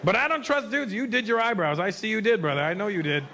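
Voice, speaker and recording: A man doing stand-up on a club stage, ranting loudly and incredulously. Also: sits high, fast, slight background noise. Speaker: stand-up comedian. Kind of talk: stand-up comedy.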